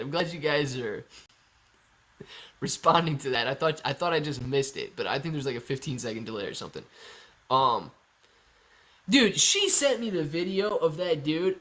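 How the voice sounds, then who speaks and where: A young man hosting a live stock-market Q&A stream, chatty and energetic as he reads viewer messages aloud. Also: mid-range voice. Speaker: livestream host.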